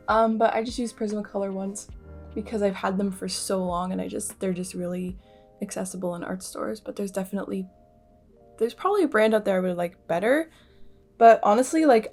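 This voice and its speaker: A young woman with a Canadian accent, chatting casually about art supplies in a rambling vlog, with many fillers. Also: medium pitch. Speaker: art vlogger. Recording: faint music behind voice.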